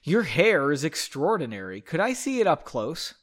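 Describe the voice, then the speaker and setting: A man's voice: fairly high pitch, very animated, moderate pace. A man voicing an airy, friendly, otherworldly woman spirit in a read-aloud story. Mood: gentle airy.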